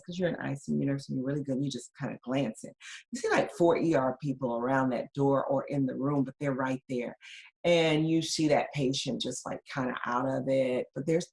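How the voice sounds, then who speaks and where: A woman presenting a webinar lecture, talking conversationally and checking in with the listeners with frequent "right?". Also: extremely low pitch.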